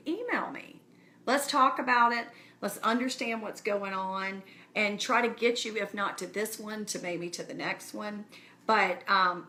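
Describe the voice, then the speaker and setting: A woman with a bright, medium-pitched voice addresses her community in a casual live stream. She is earnest and encouraging, speaking straight to her viewers.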